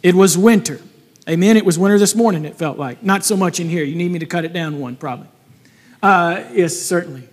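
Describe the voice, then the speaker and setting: A man's voice: high-pitched, brisk. A male pastor delivering a sermon, emphatic and rising to fervent peaks as he reads scripture and quotes. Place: church sanctuary. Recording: long hall reverb.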